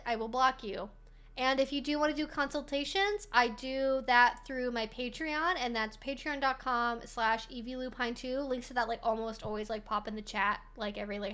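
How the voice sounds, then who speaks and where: A woman's voice: sits high, fairly bright tone. A woman hosting a casual livestream, rambling along with lots of "like" and frequent swearing. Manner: rambling, swears freely, heavy use of "like". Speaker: streamer host.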